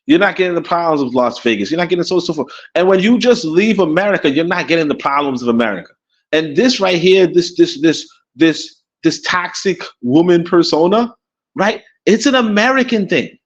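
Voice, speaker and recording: A Caribbean-born man co-hosting a casual talk show, rambling and animated, with many restarts and laughs. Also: on the high side, brisk, lo-fi sound. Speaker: podcast co-host. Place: in Africa.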